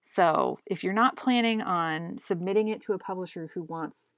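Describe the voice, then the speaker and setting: Young woman, chatty comic-artist vlogger, talks to herself while drawing, rambling and self-mocking, lower voice. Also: normal speed, fairly bright tone, no echo, studio quality. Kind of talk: casual chat while drawing.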